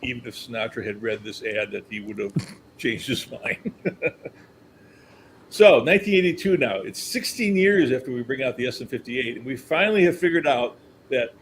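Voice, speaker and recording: A man's voice: medium pitch, moderate pace, a little hiss or hum, poor audio. An older man who works as a company historian, telling stories as a guest and acting out the people he quotes. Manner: animated storyteller, acts out quotes, chuckles. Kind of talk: anecdotal storytelling.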